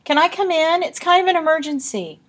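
A woman's voice: medium pitch, animated, normal speed, breathy edge, pitched above the performer's own voice. A woman reading aloud, voicing a frightened young girl who speaks in an anxious, breathless, hesitant way. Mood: scared, urgent.

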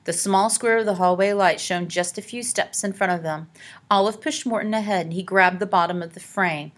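A woman reading a children's adventure story aloud as narrator, dramatic and hushing for tense scenes. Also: medium pitch, moderate pace. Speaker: audiobook narrator. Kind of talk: scripted narration.

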